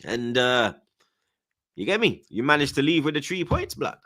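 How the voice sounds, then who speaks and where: A man's voice: mid-range voice, very animated, moderate pace, sharp tone. A man hosting a casual football chat, slangy and teasing. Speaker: host.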